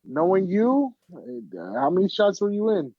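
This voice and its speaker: A man hosting a casual podcast, reacting loudly to a guest's story with disbelieving exclamations and swearing, on a slightly muffled mic. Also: high-pitched, wildly swooping pitch, unhurried, no echo. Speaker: podcast host.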